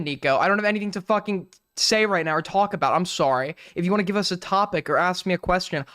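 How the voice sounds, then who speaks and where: A young man hosts his live stream in a high, clean voice. He rambles and jokes crudely, often restarting his sentences. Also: a bit bright, clean tone. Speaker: streamer host. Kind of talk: casual live-stream chat.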